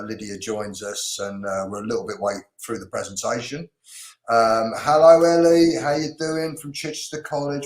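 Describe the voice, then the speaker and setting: A man's voice: mid-range voice, reverberant. A British man hosting a live online hair class, greeting viewers in an upbeat, chatty way with lots of ums, on a video call. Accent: British English. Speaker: host.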